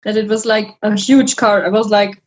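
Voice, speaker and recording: A woman's voice: medium pitch, fairly even intonation, normal speed, highs cut off. A woman guest on a podcast, chatting casually and laughing easily. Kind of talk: casual chat.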